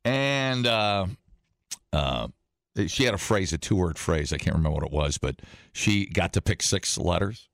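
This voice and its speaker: A man from Wisconsin co-hosting a casual chat, joking and rambling with sudden loud outbursts. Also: low voice, lively intonation, normal speed, no room sound. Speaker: podcast co-host.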